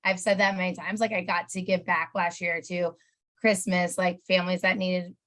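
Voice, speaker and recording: A woman's voice: on the low side, flat delivery, normal speed, a bit bright. A woman telling her own story in an interview, casual and rambling, emotional and full of "like". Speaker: interview guest, sales promoter.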